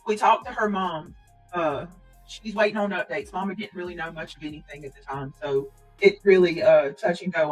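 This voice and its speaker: A woman hosting a casual livestream and talking directly to her viewers. She speaks earnestly and prayerfully, and she keeps clearing her throat and coughing. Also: fairly low pitch, poor audio. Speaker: livestream host.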